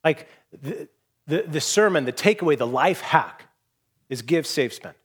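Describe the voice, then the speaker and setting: A man in his forties preaching a sermon from a church stage, telling a story in an animated, rambling way with frequent restarts. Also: on the high side, unhurried, husky. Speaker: pastor.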